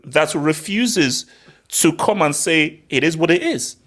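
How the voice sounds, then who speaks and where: A man hosting a casual football chat, excitable and repeating himself as he argues. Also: fairly high pitch, takes it slowly. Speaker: show host.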